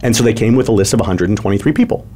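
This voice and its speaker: Man, business consultant, lowish mellow voice, methodical. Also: lively intonation, racing. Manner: methodical, case-study telling. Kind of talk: casual business chat.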